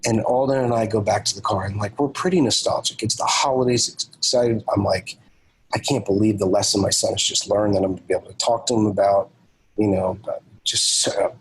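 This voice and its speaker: A man's voice: fairly low pitch, fairly quick, breathy edge, low-quality recording. A man, a podcast guest and author, telling a personal story and acting out the dialogue of the people in it. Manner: animated storyteller, acts out quoted dialogue.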